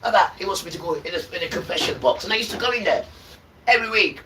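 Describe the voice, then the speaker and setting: A man's voice: high voice, quick pace, pushed and bright, far from the mic, a little hiss or hum, poor audio. A man preaching and ranting to viewers on a livestream, often checking in with "right?".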